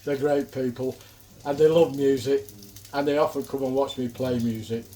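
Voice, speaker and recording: A man's voice: mid-range voice, fairly even intonation, normal speed, dark tone, a little hiss or hum. An older man with a Manchester accent, chatting casually and swearing lightly while he cooks on a griddle. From England. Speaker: cooking vlogger. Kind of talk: casual chat while cooking.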